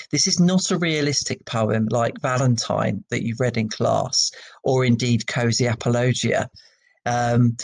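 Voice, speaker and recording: A man teaching a class about a poem, speaking at a medium pitch. He talks loosely and conversationally, with many ums and restarts. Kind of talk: recorded classroom lesson.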